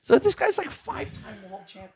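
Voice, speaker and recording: A man in casual chat who tells animated stories and acts out the voices of the people he quotes. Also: high-pitched, fairly quick, husky.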